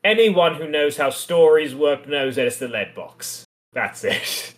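A man's voice: a little high, animated, unhurried. A man co-hosting a podcast, casually and wryly analyzing a comic adaptation. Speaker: podcast co-host.

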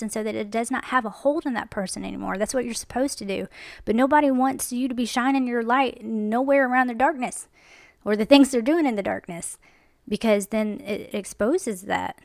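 A young woman speaks about faith in a casual, chatty way, slipping into mimicry of other people. Her voice has a gravelly fry, and the recording is close and dry with no room sound. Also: mid-range voice, normal speed, no room sound. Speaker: Christian vlogger. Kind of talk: casual faith talk to camera.

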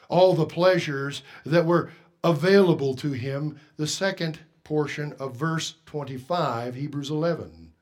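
A pastor preaches a sermon in church in an unhurried, somewhat high voice, swinging between loud emphasis and hushed tones. He puts questions to the congregation as he goes.

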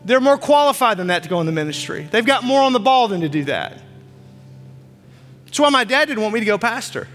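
Pastor, man in his 40s, very high bright voice, fervent repetitive preaching, reverberant church, faint music under. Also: big pitch swings, brisk. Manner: impassioned preaching, repeats phrases. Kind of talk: sermon. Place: church stage.

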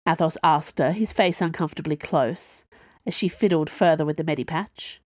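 A woman reading a story aloud in an even, measured narration. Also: sits low, no echo. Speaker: audiobook narrator. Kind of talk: scripted narration.

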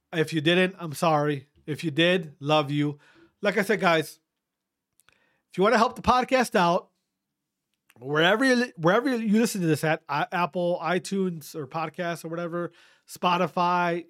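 A man's voice: on the high side, fairly bright tone. A man hosting a podcast, delivering a fiery, profane rant and repeating himself for emphasis. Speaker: podcast host.

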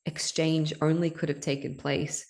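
A woman hosting a podcast, speaking in a candid, emotional, confessional way about her own struggles, swearing freely and lively when she quotes others. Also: low voice, normal speed, vocal fry. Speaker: podcast host. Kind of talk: candid personal monologue.

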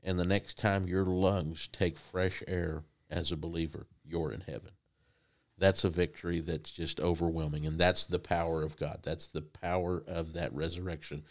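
A man preaching a sermon in a conversational, halting way with frequent restarts. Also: sits low, level tone.

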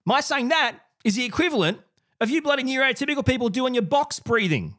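Animated, sarcastic man hosting his channel. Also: very high voice, fairly quick. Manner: animated and sarcastic, repeats words. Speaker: podcast and video host. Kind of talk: direct-to-camera commentary.

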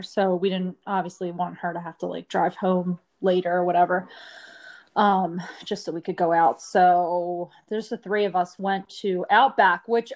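A woman's voice: mid-range voice, darkish tone. A woman co-hosting a podcast, telling a rambling story in casual chat, full of "like" fillers. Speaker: podcast co-host.

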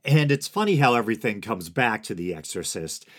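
Wry, rambling man in his forties, low-pitched. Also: big pitch swings, fairly quick. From United States. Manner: digressive, wry, chuckles at own asides. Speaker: podcast host. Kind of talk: solo podcast commentary.

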